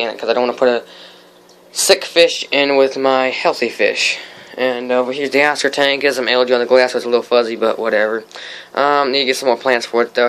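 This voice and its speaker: Teen guy rambling about his fish room, smooth clear voice, lots of ums and restarts. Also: mid-range voice, a bit bright, low-quality recording. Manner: rambling, many fillers and restarts. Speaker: fish keeper showing his tanks. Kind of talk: casual vlog walkthrough.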